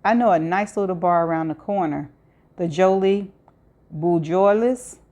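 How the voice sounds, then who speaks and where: A woman's voice: lowish voice, unhurried, dark tone, highs cut off, natural voice. A woman voicing an elegant, charming man who speaks in a teasing, fussy way.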